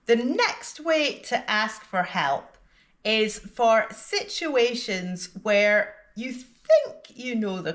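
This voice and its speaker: A woman teaching an English lesson in a slow, deliberate scripted delivery, with exaggerated intonation in her example sentences. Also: medium pitch, a bit bright.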